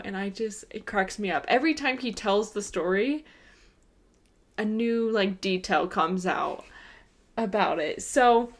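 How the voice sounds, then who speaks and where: A woman co-hosting a podcast, telling a funny story in casual chat and laughing often as she goes. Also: a little high. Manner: animated, laughs often while telling stories. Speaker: podcast co-host.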